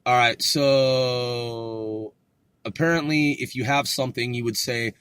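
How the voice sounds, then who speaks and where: A man's voice: medium pitch, steady tone, slow, a bit bright, clean tone, no room sound, clean studio sound. A man casually going over his study notes, joking and swearing as he sounds words out. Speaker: self-taught learner teaching vocabulary. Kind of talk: casual solo study podcast.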